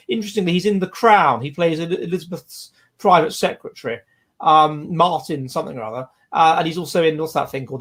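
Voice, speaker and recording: A man's voice: on the high side, fairly bright tone. A man, hosting a livestream and reading out viewer comments in a rambling, digressive way. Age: 40s. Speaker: livestream host.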